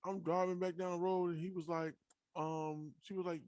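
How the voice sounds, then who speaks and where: Profane, animated young man telling stories. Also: high-pitched, normal speed, clean tone, no room sound. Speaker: podcast host. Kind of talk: casual storytelling.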